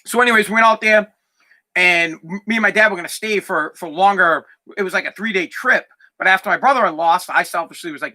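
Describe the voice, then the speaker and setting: A man's voice: high-pitched, fast talker, bright, forceful tone. A man in his thirties, a podcast host, telling a personal story in a candid, rambling way with a lot of swearing, close to tears.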